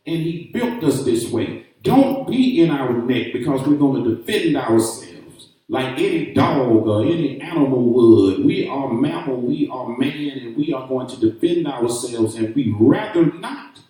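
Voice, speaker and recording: A man's voice: medium pitch, animated, unhurried, hardly any pauses, dark tone, distant mic. A man co-hosting a talk show, arguing in an emphatic, preachy, slangy way in a heated casual debate. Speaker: radio talk show co-host. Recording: echoey, off-mic room sound.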